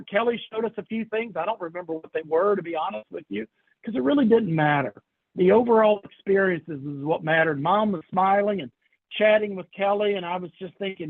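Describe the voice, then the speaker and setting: High-pitched guy telling a story to a crowd, does all the voices, thin phone-like sound. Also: dry recording. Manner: animated storyteller, acts out quoted voices. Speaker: keynote speaker. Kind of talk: storytelling keynote talk.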